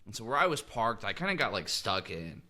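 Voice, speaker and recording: A man with a lowish, bright, forward voice talks fast on a casual sports podcast. He trades quick teasing jabs with his co-host and tells stories in a loose, offhand way. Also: big pitch swings.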